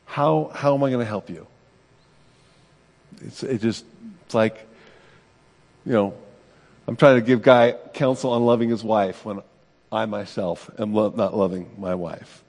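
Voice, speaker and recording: A man's voice: lowish voice, measured pace, gravelly, long pauses, a little mellow. Man preaching conversationally in a reverberant hall. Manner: conversational, self-deprecating preaching with rhetorical "right?". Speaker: pastor. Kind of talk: sermon.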